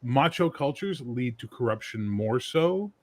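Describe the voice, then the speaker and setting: Guy w a husky voice swearing thru a loose story, casual chat. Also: mid-range voice, lively intonation, measured pace. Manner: blunt, profane, storytelling with acted-out quotes.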